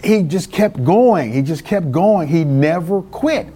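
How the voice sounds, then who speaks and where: A middle-aged man from California telling a personal story in an interview, acting out quoted voices with lively pitch swings. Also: unhurried, husky. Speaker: guest author.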